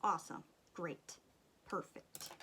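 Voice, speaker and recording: A woman in her thirties chatting casually as she does her makeup, exasperated and often dropping to a soft near-whisper. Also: takes it slowly, a little hiss or hum. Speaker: beauty vlogger, mother. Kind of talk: casual storytelling during a makeup tutorial.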